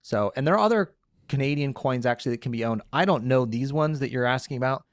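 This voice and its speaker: A man's voice: mid-range voice, fast talker, no room sound, studio quality. A man hosting a casual podcast, answering listener questions in an upbeat, joking way. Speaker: podcast host and lawyer.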